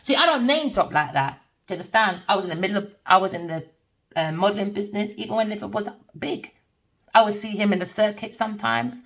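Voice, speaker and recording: A middle-aged woman with a medium-pitched, slightly bright voice talks quickly through a rambling spiritual tarot reading. She's blunt, swears freely, and keeps bursting into laughter. Her voice sounds far from the microphone.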